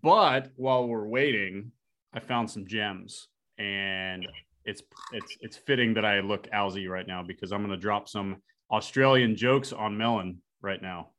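A man with a fairly low voice hosts a casual podcast chat. He talks in an upbeat, energetic way and tells jokes. His delivery is loose and conversational. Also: a little slow. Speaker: podcast host.

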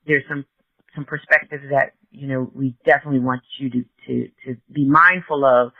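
A man's voice: medium pitch, fairly even intonation, moderate pace, vocal fry, no echo, narrow, tinny audio. A man hosting a podcast, talking casually with many hesitations and restarts. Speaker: podcast host.

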